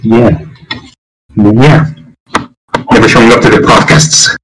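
A man's voice: on the low side, steady tone, slow, a bit bright, breathy edge, low-quality recording. A man appearing as a guest on a podcast, chatting casually and rambling with frequent hesitations and restarts.

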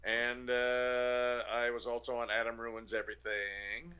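A man's voice: mid-range voice, little pitch movement, measured pace, pushed and bright, smooth, highs cut off. A man, a comedian guest on a podcast, riffing playfully in casual banter. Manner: playful, riffs on comic ideas.

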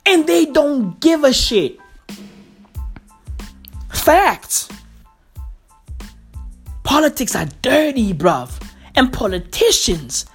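A woman ranting profanely into a microphone, full of slang, swearing and loud laughter at her own jokes. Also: high-pitched. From South Africa.

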